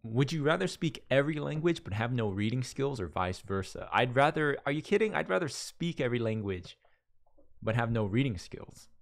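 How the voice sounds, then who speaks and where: A man's voice: mid-range voice, lively intonation, normal speed, creaky. A man from Las Vegas talks loosely with his live audience in a mid-range voice. He rambles, trips over his own sentences and starts them again, and stops to read out viewer messages. He sounds like he is talking into a streaming microphone. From Las Vegas, USA. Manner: rambling and self-correcting, reads viewer messages aloud. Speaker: livestream host. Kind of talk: casual chat with a live audience.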